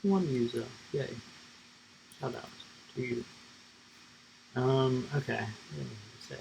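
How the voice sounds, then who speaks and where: A man's voice: medium pitch, a little slow, creaky, a little mellow, a little hiss or hum, rough recording. A man streaming himself coding live, thinking aloud in a rambling, casual way with lots of fillers.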